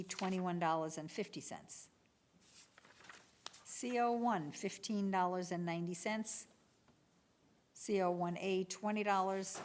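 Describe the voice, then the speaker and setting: A woman serving as a municipal clerk, reading out item codes and bid prices at a public bid opening in a steady, businesslike way. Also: fairly low pitch, a little hiss or hum.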